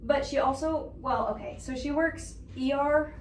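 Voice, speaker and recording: A woman's voice: sits high, steady tone, moderate pace. Giggly young woman host in a roomy space. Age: young adult. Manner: giggly, chatty, says "like" and "bro" a lot. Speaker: podcast host. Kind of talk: casual chat. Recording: roomy sound, mic at a distance, faint noise.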